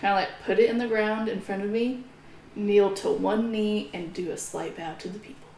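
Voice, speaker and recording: A woman playing a tabletop game, playful, giggly and excitable. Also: mid-range voice, normal speed, gravelly, a little hiss or hum. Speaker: player. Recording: roomy with faint music.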